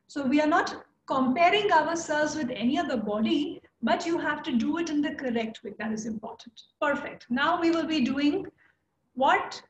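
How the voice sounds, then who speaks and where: A young woman with an Indian English accent leading a chair yoga class, encouraging students by name with slow, steady cues. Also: high-pitched, echoey room, lo-fi sound, a little hiss or hum. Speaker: yoga instructor.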